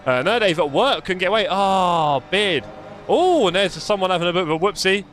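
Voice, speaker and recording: A man's voice: high-pitched, expressive, moderate pace, fairly bright tone. A man, live-streaming a sim race with chatty, jokey commentary and muttering while he adjusts his car setup.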